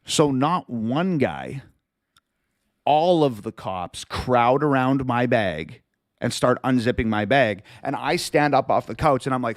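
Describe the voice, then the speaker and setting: A man spins a tense story on his livestream, swearing freely as he goes. His voice sits in an ordinary middle pitch. The sound is dry and close, with no room echo. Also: moderate pace. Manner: profane, animated storyteller. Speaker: livestream host. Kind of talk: casual storytelling.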